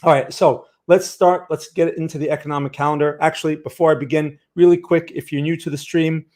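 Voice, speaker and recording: A man's voice: fairly high pitch, steady tone, brisk, darkish tone. A man hosting a casual livestream about trading, chatting loosely and greeting viewers by name. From New York. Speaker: trading stream host. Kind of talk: casual livestream market talk.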